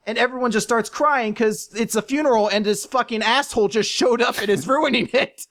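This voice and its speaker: A podcast co-host in casual chat, ranking a list, animated and sarcastic, breaking into shouted impressions. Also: mid-range voice, a little fast, few pauses.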